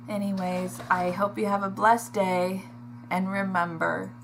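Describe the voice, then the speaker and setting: Woman vlogger, emotional, halting, gravelly low voice, faint noise behind. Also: fairly even intonation. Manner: emotional, halting, with sighs and restarts. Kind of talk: personal video diary.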